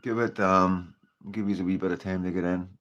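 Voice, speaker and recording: A man's voice: deep voice, fairly even intonation, fairly quick, a bit bright, highs cut off. A man with a Northern Irish accent hosting a casual livestream, chatting to viewers and greeting them by name in a rambling, filler-heavy way. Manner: chatty, rambling, with frequent fillers like "you know" and "like". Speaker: livestream host.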